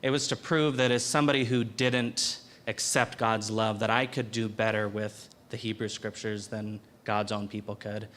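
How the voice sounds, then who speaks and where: A young man giving a personal testimony in a university chapel, speaking earnestly and haltingly, often repeating words. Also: fairly low pitch, flat delivery, a bit bright. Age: young adult. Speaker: student speaker.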